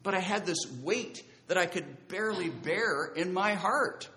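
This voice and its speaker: A man's voice: sits high, measured pace, bright, forceful tone. A man preaching a sermon, telling his own conversion story in an earnest, conversational way and drawing out key phrases for emphasis. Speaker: preacher giving his testimony.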